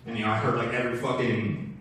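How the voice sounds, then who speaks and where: A young man with a laid-back Californian surfer drawl doing an energetic stand-up set on a club stage. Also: medium pitch, fast talker, a little hiss or hum. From Boston. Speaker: stand-up comedian. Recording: roomy club sound from a distance. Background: laughing audience.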